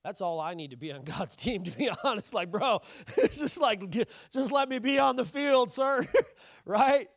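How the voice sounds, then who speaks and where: A pastor in his thirties with a high, light voice delivers a sermon in a chatty, joking way, full of asides. The sound is close and dry, with little room around it. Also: no room sound. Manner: conversational, joking, animated preaching.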